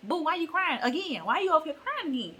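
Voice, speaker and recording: Woman putting on an angel, high and chill and slangy, comforting. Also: sing-song, fast, pushed and bright, a little hiss or hum, heavily acted. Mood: consoling. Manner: slangy, consoling.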